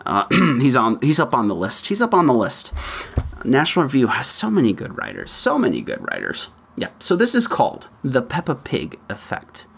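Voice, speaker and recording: A man hosts his own podcast and talks casually through the news. His pitch swings up and down a lot, and he laughs and tosses in asides as he goes. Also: normal speed, vocal fry, breathy edge. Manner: chatty, laughs often, lively asides. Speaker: podcast host. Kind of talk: solo podcast commentary.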